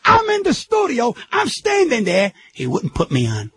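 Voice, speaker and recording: An older man, a comedian guest telling animated stories on talk radio, repeating himself and acting out quotes. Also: very high voice, normal speed, breathy edge. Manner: excitable, repeats himself, acts out quotes in raised voice.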